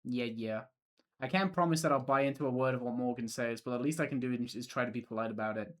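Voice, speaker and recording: A young man on a stream reads a visual novel aloud, narrating as the protagonist. He keeps breaking off with joking, profane asides in a middle-pitched voice. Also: fast.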